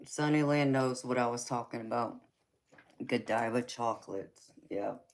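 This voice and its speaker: Slow-talking woman chatting with viewers. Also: a bass voice. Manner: chatty and teasing, calls viewers honey and baby, laughs often. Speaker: tarot reader and live-stream host. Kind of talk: casual live-stream chat answering viewer comments.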